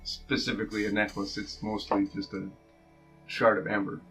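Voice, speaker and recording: A man's voice: on the low side, level tone, normal speed, a bit bright, soft background music, rough recording. A man running a tabletop game as game master, patiently clarifying details for the players.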